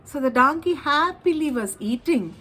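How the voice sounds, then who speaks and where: A woman telling a children's story, animated and often asking her listeners questions. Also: high voice, normal speed, low-quality recording.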